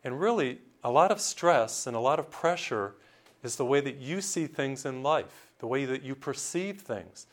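Priest giving a sermon. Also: male voice, mid-range voice, expressive, normal speed. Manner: storytelling with voiced characters and jokes.

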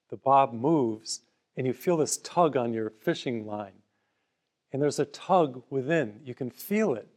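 A man's voice: medium pitch, darkish tone. A man delivering a broadcast sermon in a mid-range voice. He talks conversationally, leaning on simple everyday parables, and offers listeners free booklets. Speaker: preacher.

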